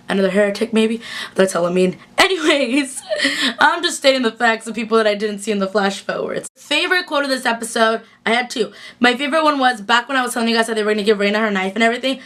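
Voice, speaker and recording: A young woman gushing through a casual episode recap in a chatty, excitable way, full of "like". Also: fairly high pitch. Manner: gushing, chatty, fast bursts with fillers like "like". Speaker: TV recap vlogger.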